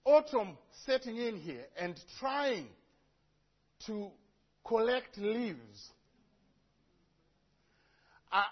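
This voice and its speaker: A man's voice: high voice, drawn-out words, pauses often, breathy edge, muffled recording. A man from Africa preaching a sermon to a congregation, telling stories with humorous asides. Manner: lively storytelling with humorous asides. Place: church before a congregation.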